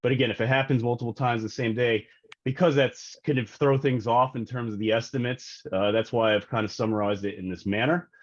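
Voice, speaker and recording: A man's voice: mid-range voice, steady tone, a little fast, lo-fi sound. A man presenting data at a public health board meeting, explaining terms with many fillers as he hurries through his slides. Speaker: health department data analyst.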